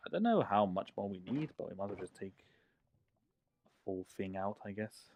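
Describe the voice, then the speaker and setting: A man's voice: lowish voice, animated, moderate pace, phone-quality sound, a little hiss or hum. A man chatting casually with his viewers while playing a block-building game, joking and laughing often. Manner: playful, chatty, laughs often, talks to chat. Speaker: streamer. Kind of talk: casual livestream chat while gaming. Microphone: desk microphone.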